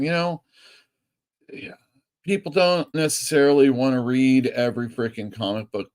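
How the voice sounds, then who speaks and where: A man who owns a comic store, chatting loosely on a live stream, rambling and swearing casually. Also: fairly low pitch. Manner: chatty and rambling, swears freely, quick laughs. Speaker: comic store owner and show host.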